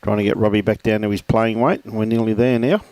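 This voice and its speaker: A man's voice: fairly low pitch, fairly even intonation, brisk, a little mellow, no echo. An older man co-commentating lawn bowls, full of matey banter. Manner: matey banter, says mate a lot. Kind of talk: live sports commentary.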